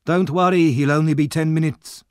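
A man's voice: on the high side, steady tone, normal speed, smooth, no room sound, studio quality, voice pushed up, lightly acted. A man voicing a sly, wheedling old male fence who talks in a fawning way. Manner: fawning, calls everyone "my dear".

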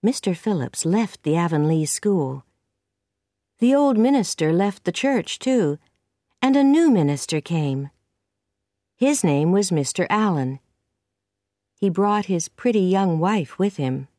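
A woman reading a simple storybook aloud, clear and careful, at a slow, deliberate pace. Her voice sits a little low but moves expressively in pitch. The sound is close and dry. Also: expressive, warm tone, no echo. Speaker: audiobook narrator. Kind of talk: scripted narration of a simple reader.

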